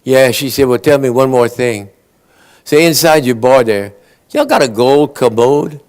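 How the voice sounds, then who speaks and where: A man's voice: medium pitch, unhurried, darkish tone. A man telling long, folksy joke stories at a conference awards ceremony, briefly acting out his characters' lines. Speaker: after-dinner joke teller.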